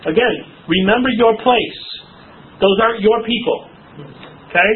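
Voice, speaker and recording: A male associate pastor teaching a Bible class, animated and joking, putting questions to the class. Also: high voice, measured pace. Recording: tinny phone-like sound with faint hiss.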